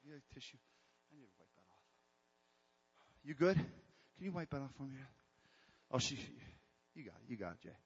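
A male pastor preaching a sermon with call-and-response, rising to shouts. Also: mid-range voice, big pitch swings, normal speed, pauses often, a little hiss or hum. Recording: reverberant hall, dull lo-fi sound.

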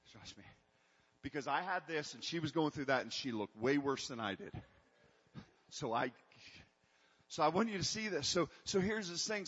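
A man's voice: on the high side, slightly rough, in a large hall, dull audio. A man preaching a sermon to his congregation in an emphatic way, breaking off and restarting as he calls out to them. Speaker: pastor.

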